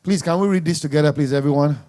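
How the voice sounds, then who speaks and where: A man's voice: fairly high pitch, fast talker, warm tone. A man preaching a sermon, emphatic and scolding, repeating words for stress.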